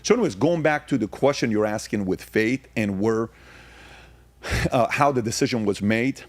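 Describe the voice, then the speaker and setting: A man's voice: on the low side, expressive, normal speed, dry recording. A man in his forties from Iran, a podcast guest telling his story in an emphatic, casual way and firing off rhetorical questions.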